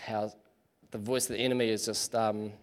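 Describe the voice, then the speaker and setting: A man's voice: lowish voice, little pitch movement, fairly quick. A man giving a casual, chatty sermon in church, full of fillers and self-deprecating asides. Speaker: preacher.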